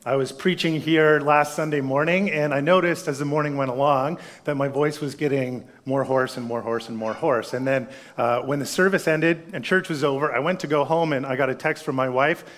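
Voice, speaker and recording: A man's voice: mid-range voice, steady tone, moderate pace, hardly any pauses. A man in his thirties preaching a sermon, telling a family story in a conversational way before turning to scripture. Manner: storytelling, conversational, drops to a hush for solemn lines. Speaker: pastor.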